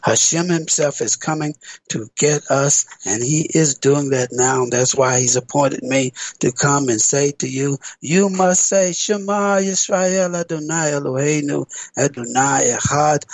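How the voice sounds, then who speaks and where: A man's voice: fairly high pitch, no room sound, poor audio. A man giving a religious teaching on the radio, earnest and emphatic, repeating key phrases with hesitant fillers. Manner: measured delivery with hesitant fillers.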